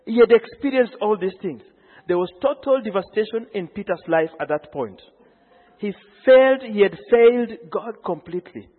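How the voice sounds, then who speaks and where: High-voiced preacher in an echoing hall. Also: male voice. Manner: animated storytelling, acting out quotes with laughter. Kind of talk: sermon. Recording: phone-like sound in a long-reverb hall.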